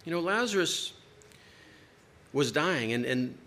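A man preaching a sermon to a congregation, emphatic, with dramatic pauses. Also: fairly high pitch, lively intonation, bright, forceful tone.

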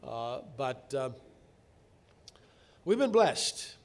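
A middle-aged pastor preaches very slowly, his medium-pitched voice rising and falling in wide swings. His storytelling sermon moves between soft asides and emphatic, loud moments.

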